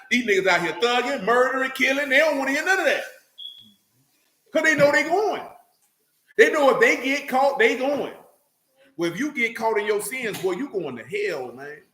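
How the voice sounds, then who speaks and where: A man, preaching a sermon, reading scripture slowly and asking rhetorical questions. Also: high-pitched, pushed and bright. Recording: echoey room with faint noise.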